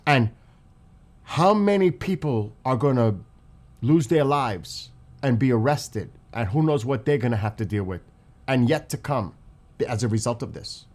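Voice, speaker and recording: A man's voice: medium pitch, lively intonation, measured pace, darkish tone. A man delivering an angry, profane political rant as a channel host, repeating himself for emphasis and saying how upset he is. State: upset and livid.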